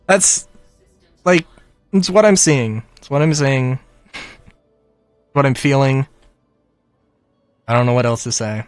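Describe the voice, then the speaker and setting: A man rambles through a frustrated casual rant at an unhurried pace, sighing and laughing between phrases. His voice sits at a middle pitch. The sound is dry and close, with faint music underneath. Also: dry recording. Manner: frustrated, rambling, many fillers and sighs. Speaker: gaming commentator.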